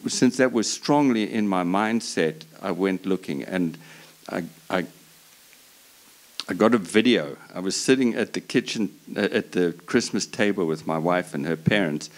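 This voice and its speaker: A man speaking on a breeders' panel, telling a long personal story in an earnest, passionate way, often restarting his sentences. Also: deep voice. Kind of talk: storytelling at a live talk.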